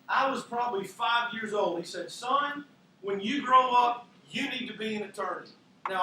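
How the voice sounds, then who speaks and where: A man's voice: high-pitched, pushed and bright. A man preaching a sermon as pastor, conversational with self-deprecating asides. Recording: echoey hall from far off, faint noise.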